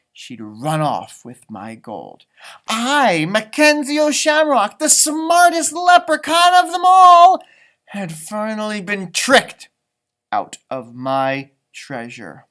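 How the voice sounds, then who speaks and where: A boastful storybook leprechaun, put on by a man reading aloud, tells his tale with slow, dramatic weight. His pitch swings widely and he bursts into loud exclaims. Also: big pitch swings, full character voice.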